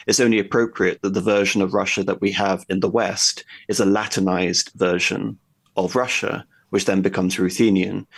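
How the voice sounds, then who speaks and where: Man, gravelly voice, history guest, discursive lecturing, thinks aloud. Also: lowish voice. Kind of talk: conversational history explanation.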